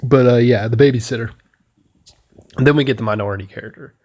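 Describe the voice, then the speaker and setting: A man giving a casual spoken movie review, rambling and swearing enthusiastically as he retells scenes. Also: fairly low pitch. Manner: rambling, profane, enthusiastic, laughs at his own retelling.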